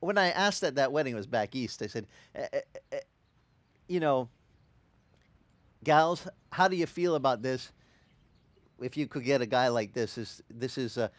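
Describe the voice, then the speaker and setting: A man preaching a sermon as pastor, telling stories and acting out quotes with animated energy. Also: medium pitch, dry recording. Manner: animated storytelling with acted-out quotes. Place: church.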